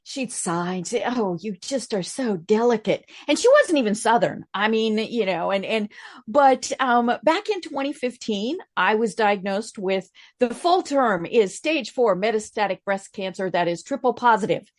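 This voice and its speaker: A woman's voice: mid-range voice, expressive, normal speed. An older woman talking casually as a podcast guest, chatty and rambling, with many fillers and restarts. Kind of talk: casual interview chat.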